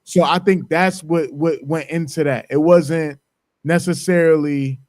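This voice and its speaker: A man co-hosting a casual podcast chat, animated and slangy, laughing as he tells it. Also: a little high, measured pace, no room sound. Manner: animated slangy storyteller, laughs, mock-quotes. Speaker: podcast co-host.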